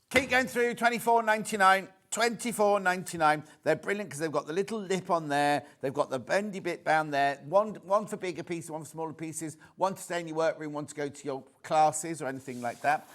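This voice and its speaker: A British man hosting live TV sales, talking in a chatty, rambling way that keeps doubling back on itself. His voice sits a little high for a man. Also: expressive, moderate pace, a bit bright. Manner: chatty, repeats words, reads out viewer messages. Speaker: shopping channel presenter.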